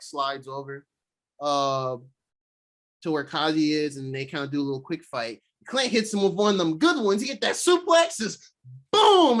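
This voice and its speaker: A man's voice: a little high, fairly bright tone. A young man co-hosting a podcast, giving a loose, rambling recap of an episode in casual slang. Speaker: podcast co-host. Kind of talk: casual chat.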